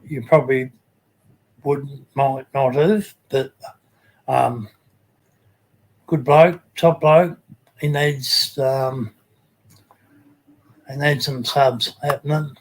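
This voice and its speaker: Slow, halting man hosting a livestream. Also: mid-range voice, steady tone, low-quality recording. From Australia. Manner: halting, many fillers, greets chat viewers by name. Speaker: livestream host. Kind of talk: casual livestream chat.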